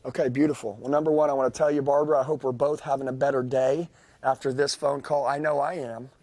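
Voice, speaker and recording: A man making a rambling, insistent sales pitch over the phone to a customer. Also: flat delivery, fast, a little mellow. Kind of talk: high-pressure sales pitch.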